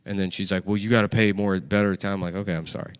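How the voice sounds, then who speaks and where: A man's voice: low voice, fairly even intonation, racing, smooth, no room sound, studio quality. A man hosting a comedy talk show, telling rambling, profane stories and acting out what people said. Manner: rambling, profane, acts out quotes. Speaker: comedy podcast host. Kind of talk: casual banter, storytelling.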